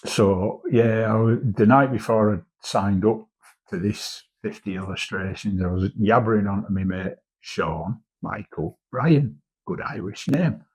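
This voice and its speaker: A man's voice: on the low side, a little mellow, slightly rough. A man in his fifties, a commercial artist, chatting casually and rambling through a vlog, swearing now and then. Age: 50s.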